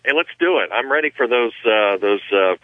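A man's voice: medium pitch, animated, fairly quick, no room sound. Hesitant man on a tinny phone line. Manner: hesitant, searching for words. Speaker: caller, former producer.

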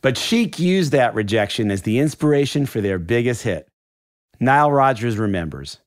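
A man giving scripted documentary narration in a measured, explanatory way. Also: mid-range voice, sing-song, no room sound, studio quality.

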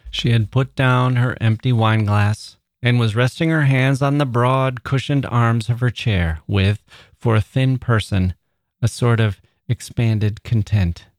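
A man who hosts a podcast, reading a classic short story aloud in a measured way. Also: medium pitch, steady tone, no room sound, studio quality.

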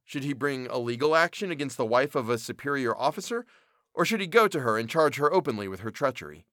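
A man narrating a classic story in an expressive, measured reading. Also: medium pitch, no room sound, clean studio sound.

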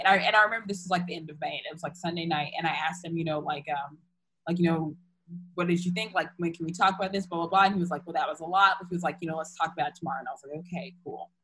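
A woman's voice: lowish voice, fairly even intonation, quick pace, fairly bright tone, slightly rough, rough recording. A young woman candidly retelling a personal story in casual chat, full of fillers and restarts.

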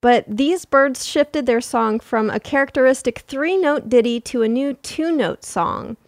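Giggly woman with a high, dry voice. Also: a little slow, dry recording. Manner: giggly, jokey, reads quotes aloud. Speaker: podcast co-host. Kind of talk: casual comedic chat.

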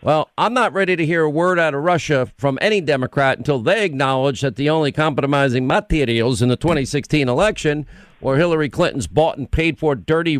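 A male talk show host giving punchy, opinionated commentary. His voice sits a little high, and the sound is dry and close. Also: no echo. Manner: combative, punchy.

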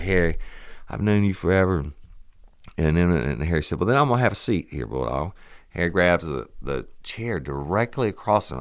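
A man's voice: a bass voice, no room sound, studio quality. A middle-aged man, hosting a podcast and telling a police story in a profane, rambling, casual way. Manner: profane, rambling, animated retelling of a police call. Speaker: podcast host.

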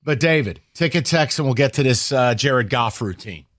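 A man hosting a sports radio show, arguing his case with sarcasm and animated emphasis. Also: mid-range voice, normal speed, no echo. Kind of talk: heated sports talk radio. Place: radio studio.

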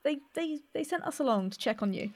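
A woman voicing a breezy, smooth-talking male traveller who speaks hesitantly with lots of fillers. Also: sits high, animated, brisk, a little mellow. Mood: persuasive. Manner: hesitant, filler-heavy, persuasive.

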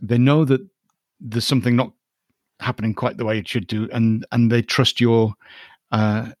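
A man hosting a casual interview, calm and reassuring, repeating words as he gathers his thoughts. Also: mid-range voice, moderate pace, dry recording, clean studio sound. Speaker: host.

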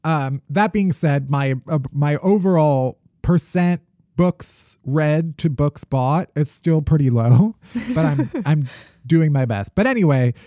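A man's voice: on the high side, lively intonation, slow, warm tone, no room sound, studio quality. A man co-hosting a podcast, chatting casually with a playful, self-mocking humor. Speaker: podcast co-host. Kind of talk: casual chat.

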